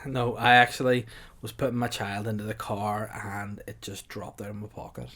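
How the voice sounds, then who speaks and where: Brief: young podcast co-host, deadpan, quick with a comeback. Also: male voice, lowish voice. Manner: dry, deadpan, quick-witted. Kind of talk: casual comedic chat.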